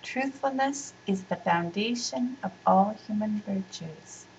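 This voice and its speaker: A woman reading a children's story aloud, expressive and unhurried. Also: mid-range voice, far from the mic, muffled recording, a little hiss or hum.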